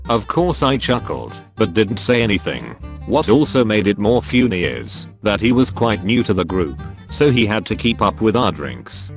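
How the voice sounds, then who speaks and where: Low-voiced man reading posts aloud. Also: very animated, moderate pace. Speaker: narrator reading online posts. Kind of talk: scripted narration. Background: faint guitar music.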